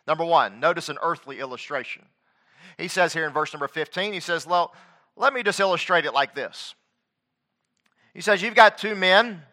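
A man preaching a sermon in a high, ringing voice. He reads scripture aloud, then swings from loud emphatic stresses to hushed asides. His tone stays bright and forward throughout. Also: expressive, moderate pace, pauses often. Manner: reads scripture aloud in King James wording.

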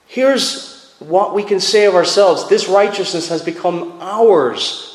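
A man with a slightly high voice preaches to his congregation, earnest and emphatic, doubling words as he presses each point. His voice rings through a roomy church with a long, lingering reverb. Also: takes it slowly. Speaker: pastor. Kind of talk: sermon. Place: church sanctuary. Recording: echoey hall with long reverb.

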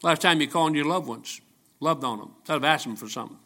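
Folksy older preacher, bright edge. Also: male voice, on the high side, quick pace. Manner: folksy, jokey, shouts rising to preaching peaks. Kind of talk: folksy sermon with stories.

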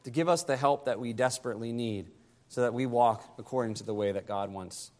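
A pastor preaching a sermon, climbing higher and louder to press his points and dropping soft and low to close them. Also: a little fast, big-room sound.

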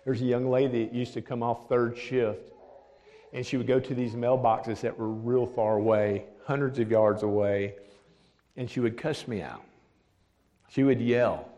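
A man, a pastor, telling a testimony story, dropping to a hush for the words of others. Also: mid-range voice. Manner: drops to a hushed voice for quoted speech. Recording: long hall reverb.

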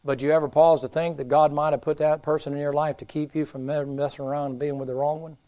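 A preacher delivers a folksy revival sermon in a church, spinning homespun stories and slipping into the voices of his characters. His voice is smooth and resonant, sitting a bit high for a man. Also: level tone, fast talker, mellow, lo-fi sound. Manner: homespun storytelling, acts out voices in Bible stories. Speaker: guest preacher. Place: church sanctuary.

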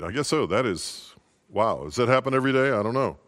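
A man's voice: medium pitch, lively intonation, brisk, fairly bright tone. A male pastor giving a short, informal holiday sermon in a folksy, conversational way.

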